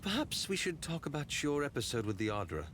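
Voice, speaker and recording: A wry, teasing companion adventurer. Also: male voice, fairly high pitch, big pitch swings, a little fast, a bit bright.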